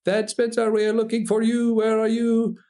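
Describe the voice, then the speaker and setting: A man's voice: very high voice, completely flat delivery, normal speed, warm tone, pitched above the performer's own voice. A man voicing a brusque male French paragliding instructor who speaks in short, clipped phrases. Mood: urgent.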